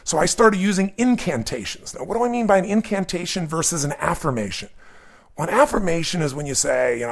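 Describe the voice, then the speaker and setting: Gravelly, animated motivational coach man. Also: on the high side, fairly quick. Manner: emphatic, energetic, directive. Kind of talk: motivational seminar talk.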